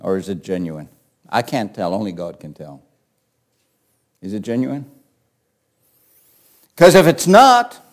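A man preaching a sermon, asking his listeners rhetorical questions and swinging from quiet asides to forceful declarations. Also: fairly low pitch. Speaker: pastor.

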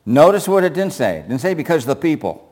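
A man's voice: on the high side, sing-song, quick pace, a little mellow. Man preaching a Bible study, reads verses aloud, asks questions of listeners.

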